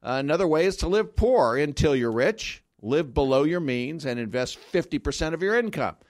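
A man's voice: a little high, lively intonation, moderate pace, no echo, studio quality. A man explaining personal finance on a morning radio show, plainspoken and joking. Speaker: financial planner guest. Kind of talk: radio money segment and banter. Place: radio studio. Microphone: studio mic.

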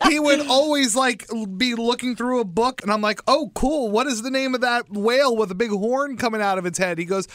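A man co-hosting a morning radio show in a studio, teasing and animated as he tells stories. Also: very high voice, brisk, hardly any pauses, no echo. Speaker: radio co-host.

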